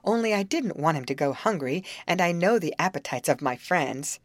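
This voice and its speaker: A woman voicing a confident young woman who leads her friends, speaking calmly and self-assuredly. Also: fairly low pitch, normal speed, no room sound, studio quality. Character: confident young woman leader, calm and teasing.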